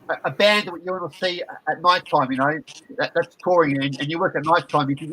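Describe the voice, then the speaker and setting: A man's voice: fairly high pitch, fairly quick, pushed and bright, rough recording. A man in a casual chat, rambling and repeating words with many fillers.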